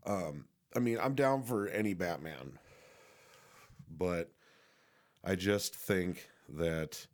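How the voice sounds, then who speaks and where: Young male reviewer, lowish voice, loose profane rambling with lots of restarts. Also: expressive, takes it slowly, pauses often. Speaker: movie reviewer. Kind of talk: casual spoken movie review.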